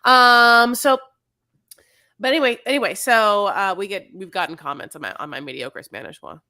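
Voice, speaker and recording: A woman's voice: medium pitch, sharp tone. Chatty Valley Girl woman podcaster. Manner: chatty, quick asides, says honey a lot. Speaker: podcast co-host. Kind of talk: casual reality TV recap chat.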